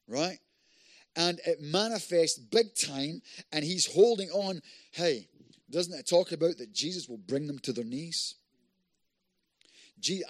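Man preaching a lively testimony. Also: on the high side, dry recording, studio quality. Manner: conversational storytelling, grows loud and emphatic. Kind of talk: sermon testimony.

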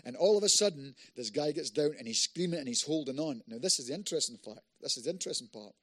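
A man preaching a sermon, telling a personal story in a conversational way that builds to loud, emphatic passages. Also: on the high side, animated, quick pace, no room sound, clean studio sound. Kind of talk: sermon testimony.

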